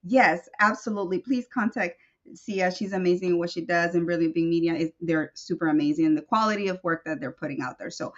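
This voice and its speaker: A woman co-host, chatting on a video call and gushing through shout-outs. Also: lowish voice, a little fast, dull audio. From Texas. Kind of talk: casual chat.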